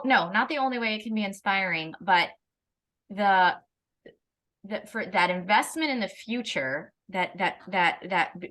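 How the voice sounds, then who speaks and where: A woman speaks as a parenting educator in an unscripted conversation. Her voice sits a little high and comes across bright and forceful. She talks in an animated way, often restarts her sentences and laughs as she goes. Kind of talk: casual conversation.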